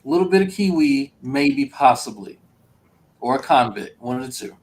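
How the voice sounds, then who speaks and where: A man in a casual group voice chat, ribbing the others in a teasing, animated way. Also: medium pitch, normal speed, low-quality recording. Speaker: stream chat participant.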